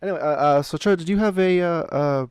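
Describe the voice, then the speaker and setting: A man's voice: fairly high pitch, quick pace, darkish tone, clean tone, no echo. A man running a tabletop game as game master, talking casually and hesitantly with many filler sounds, on a remote home mic.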